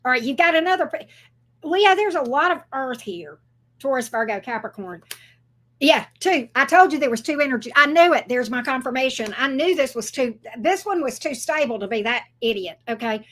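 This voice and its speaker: High-voiced excitable tarot reader woman. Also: normal speed. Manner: chatty, excitable, swears freely. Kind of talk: casual tarot reading.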